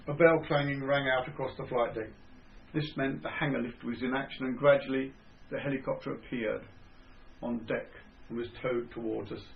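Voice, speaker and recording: An older man with a Cockney (Estuary) accent reading his own memoir in a measured, dry storytelling manner. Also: mid-range voice, vocal fry. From England. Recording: dull lo-fi recording.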